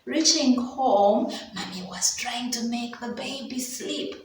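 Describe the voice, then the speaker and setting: A woman's voice: a little high, distant mic. A woman with a Ugandan English accent, a preschool teacher telling a story to children in a phonics lesson. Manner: slow, drawn-out sounds, storytelling to children. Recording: echoey room, voice off-mic.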